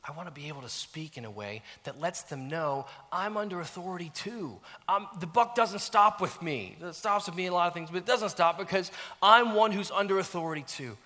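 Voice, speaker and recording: A middle-aged man preaching a sermon as a pastor, animated and self-mocking, dropping to near-whispers at times. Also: high voice, brisk, few pauses. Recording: long reverb of a church hall.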